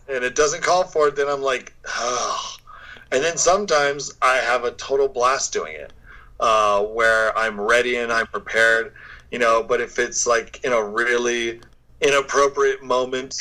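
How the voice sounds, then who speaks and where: A man's voice: medium pitch, steady tone, unhurried, sharp tone, rough recording. An American man, a guest actor, chatting casually in an interview and laughing often. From United States. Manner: laid-back, laughs often.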